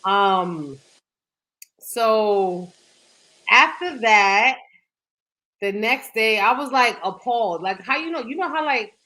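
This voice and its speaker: A woman's voice: a little high, expressive, slow pace, long pauses, sharp tone, low-quality recording. A young woman co-hosting a podcast, telling a dating story in candid, profane casual chat that is full of "like". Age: young adult. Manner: candid and profane, heavy use of "like". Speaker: podcast co-host.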